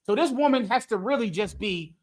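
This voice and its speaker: This man speaks a little fast in a high-sitting, animated voice. Leading a scripture class, he preaches provocatively to a live chat, brash and joking, with lots of rhetorical questions and frequent laughter at his own jokes.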